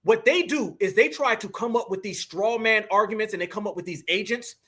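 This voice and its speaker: A man with a high, bright voice hosts a commentary channel. He reacts to clips in an emphatic, dismissive way and talks in slang. His delivery is pointed and forceful. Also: fairly quick.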